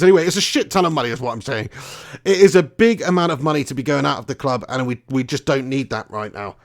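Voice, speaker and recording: A man's voice: mid-range voice, lively intonation, fast talker. A young man, hosting a casual live stream, chatty and swearing freely, laughing often. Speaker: fan channel host.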